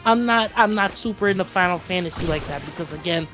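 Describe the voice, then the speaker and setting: A woman's voice: on the low side, fast. A woman co-hosting a game stream, chatting casually in a dry, matter-of-fact way. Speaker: stream co-host. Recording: faint music behind voice.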